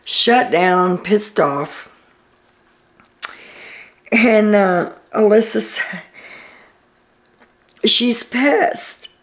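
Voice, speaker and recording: A woman's voice: medium pitch, drawn-out words, pauses often. A woman hosting a casual reality TV recap, chatty and opinionated as she loosely retells the day's events with fillers.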